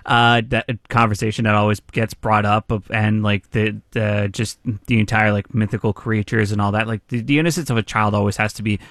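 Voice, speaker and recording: A man, co-hosting morning radio and reading news, often halting and restarting. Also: on the low side, steady tone, fairly bright tone, no echo, clean studio sound. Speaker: radio show co-host.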